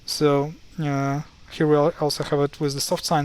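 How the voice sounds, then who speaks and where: Man, young adult, casual tutorial, wry, exasperated, halting with fillers, slightly high voice. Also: flat delivery. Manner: wry, mildly exasperated, many fillers and restarts. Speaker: language explainer. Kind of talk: casual screen-share tutorial.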